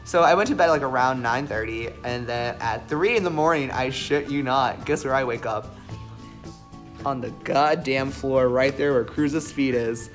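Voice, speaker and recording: A young man casually telling a story on a vlog, animated, joking and swearing freely. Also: medium pitch, moderate pace, faint music behind. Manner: animated, profane, jokey.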